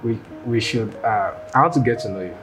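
A man's voice: lowish voice, a little fast, natural voice, rough recording. A man playing a coaxing flirt. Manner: smooth, coaxing, hesitant. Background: music.

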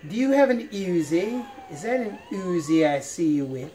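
A man's voice: high-pitched, big pitch swings, normal speed, dark tone, a little hiss or hum. A man giving playful let's-play commentary, laughing often as he talks. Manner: playful, laughs often, folksy drawl-like phrasing. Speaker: gamer.

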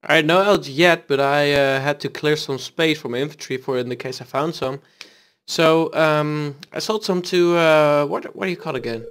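A man's voice: a little high, normal speed, a bit bright, clear, resonant tone. A man giving casual gameplay commentary as a let's play host, reading in-game dialogue aloud and chatting back to it.

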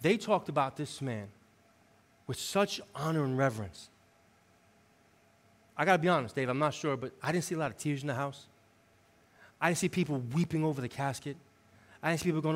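A man preaching a sermon as associate pastor, telling a story in a lively, conversational way and swinging between loud preaching and quiet, intimate moments. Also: fairly high pitch, fairly quick, long pauses. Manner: animated storytelling, conversational with the congregation. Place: church sanctuary.

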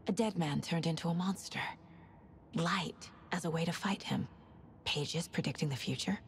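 An actress voicing a calm, analytical female FBI agent who reasons deliberately in a video game. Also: on the low side, a little hiss or hum, natural voice.

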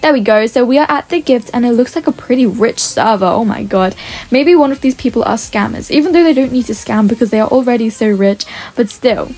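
Woman, gaming-channel host, higher register; chatty play-by-play that reads out chat messages. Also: a little fast, a little mellow. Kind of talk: gameplay commentary.

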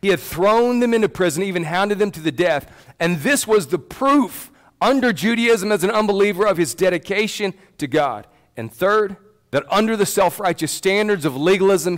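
Man, pastor, preaching, emphatic, chatty asides, slightly high voice. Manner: emphatic, conversational, addresses congregation by name. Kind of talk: sermon. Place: church.

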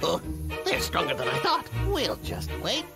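A woman's voice: fairly low pitch, wildly swooping pitch, normal speed, creaky, over loud music, exaggerated voice. A woman voicing a scheming male cartoon lumberjack who taunts, cackles and fakes pleading. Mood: taunting. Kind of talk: cartoon voice acting.

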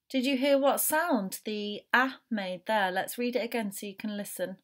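A woman teaching a phonics lesson to young children, slowly sounding out each letter in turn. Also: mid-range voice. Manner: slow, sounding out letters one by one.

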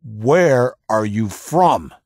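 A cruel military interrogator barks his questions slowly and hard, raised and threatening, as a male narrator plays him. The audiobook sound is dry and close, with nothing behind it. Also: mid-range voice, lively intonation, dry recording, pitched above the performer's own voice. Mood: demanding. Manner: hard, drawn-out demanding. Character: brutal male military interrogator, cold and menacing.

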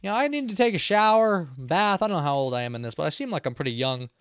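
Male streamer, high and very animated, playful and jokey, banters with the game's characters. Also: quick pace, clean tone, no echo. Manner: playful, jokey, talking back to game characters; rambling self-talk with frequent restarts. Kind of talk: live gameplay commentary.

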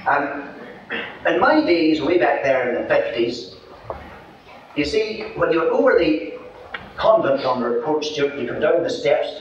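An older man with a Northern Irish accent preaching a storytelling sermon at a gospel mission, animated and folksy. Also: a little high. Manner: animated, folksy storyteller who acts out voices. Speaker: evangelist minister. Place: mission hall at a gospel campaign. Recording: distant echoey hall, dull and hissy.

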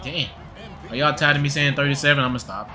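A man's voice: mid-range voice, fairly even intonation, fast talker, bright, forceful tone. A young man giving profane, trash-talking gameplay commentary with a hyped, joking manner. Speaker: gaming video creator.

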